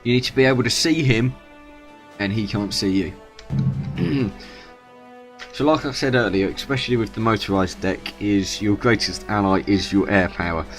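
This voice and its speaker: A man's voice: lowish voice, normal speed, pauses often, faint music behind. A man casually commentating his own strategy game match, rambling and correcting himself as he goes. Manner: rambling, self-correcting, chatty. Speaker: gaming YouTuber. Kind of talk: gameplay commentary.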